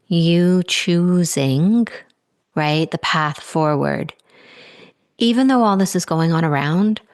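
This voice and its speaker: A woman podcast host guiding a guest through a gentle coaching conversation, soothing and affectionate, often drawing out her phrases. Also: lowish voice, creaky, no echo, studio quality.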